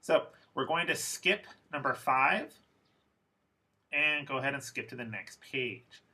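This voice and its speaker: Man, young adult, English teacher, bright clear tone, slow careful delivery, repeats each example word. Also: mid-range voice, expressive. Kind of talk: recorded lesson for a class.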